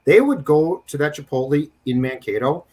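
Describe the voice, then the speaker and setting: Male podcast co-host, husky and animated, casual sports chat. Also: on the high side, moderate pace.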